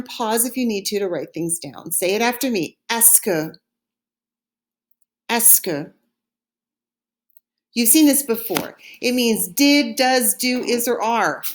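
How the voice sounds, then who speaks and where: Speaking at a medium pitch, a woman leads a prerecorded French lesson, saying words carefully and unhurriedly so that listeners can repeat them.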